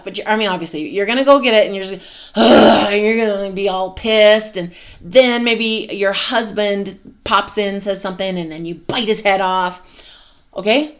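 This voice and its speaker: A woman's voice: medium pitch, moderate pace. A woman, a mother with a husband, giving a candid, profane motivational self-help talk as host, laughing and sighing as she goes.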